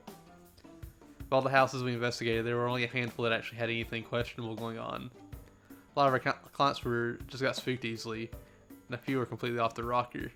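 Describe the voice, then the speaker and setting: A man from the American South rambles through a casual gaming livestream, answering chat messages between stories. His voice is bright and forceful at an everyday pitch, and he laughs often. Faint game music plays underneath. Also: flat delivery, brisk. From Southern United States.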